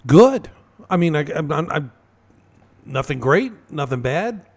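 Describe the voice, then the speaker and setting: Halting man co-hosting talk radio. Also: a little high, sing-song, a little mellow. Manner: halting, lots of fillers and restarts, laughs at own stories. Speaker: radio co-host. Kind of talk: casual political talk radio.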